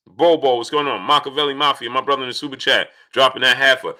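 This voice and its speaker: A man's voice: medium pitch, fairly even intonation, quick pace, few pauses. A man hosting a casual live stream, reading out viewer names to greet them and arguing his points. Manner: reads out viewer names and greets each one; grows loud and insistent when arguing.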